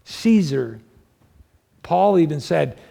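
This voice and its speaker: Gravelly-voiced preacher man. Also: expressive, takes it slowly, mellow. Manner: conversational preaching with rhetorical questions, pitch rising when stressing points. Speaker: pastor. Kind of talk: sermon.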